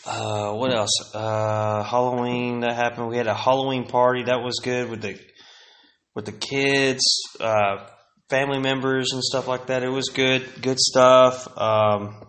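A man's voice: medium pitch, level tone, a little slow, a bit bright. A man in his thirties hosting his own podcast, rambling casually with lots of slang, swearing and fillers. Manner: profane, rambling, slangy, many fillers and tangents. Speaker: podcast host.

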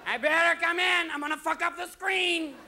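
A man's voice: very high voice, steady tone, normal speed, slight background noise, pitched above the performer's own voice, heavily acted. A man putting on a whiny bossy house cat. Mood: bossy whining. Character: demanding male house cat wanting out. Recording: live show with loud audience laughter.

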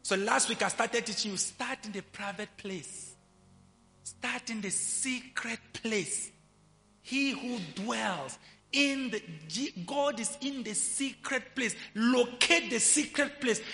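High, bright-voiced preacher in an echoing hall. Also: male voice, creaky. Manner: dramatic, swings from quiet asides to shouting. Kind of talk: sermon. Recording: long hall reverb, faint music behind.

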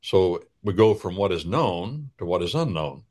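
A man with a lowish voice hosts a radio talk show. He explains things in a folksy, preacherly way and leaves drawn-out pauses as he gathers his words. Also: big pitch swings, darkish tone. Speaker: radio host.

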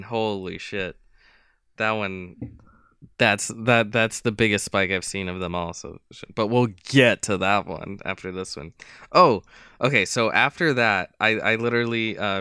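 Guy cohost chatting movies, low smooth voice, swears a lot, dry close mic. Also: measured pace, dry recording. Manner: animated, swears freely, laughs often. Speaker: podcast co-host. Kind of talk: casual film chat.

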